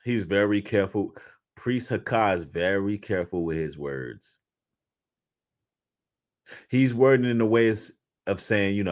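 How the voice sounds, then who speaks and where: 男性の動画リアクション解説者、あざけるような口調. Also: male voice, a little slow, pauses often. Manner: animated, mocking, swings from low mutters to loud outbursts. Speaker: commentator reacting to clips. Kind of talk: casual reaction commentary.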